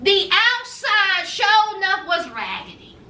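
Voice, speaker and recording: A sassy woman with a drawl chats through her review, her very high, bright voice swooping up and down as she takes her time. She calls her viewers honey and y'all. The sound is roomy and slightly off-mic. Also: big pitch swings, slow, far from the mic, a little hiss or hum. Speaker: reality TV reviewer. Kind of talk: casual vlog review. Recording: roomy echo, a bit off-mic.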